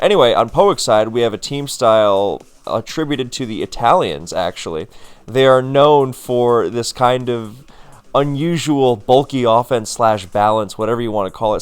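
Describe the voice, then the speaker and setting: A man's voice: mid-range voice, clean tone. A man casually commenting on a competitive battle replay, chatty and full of fillers, self-correcting as he goes, sounding tired.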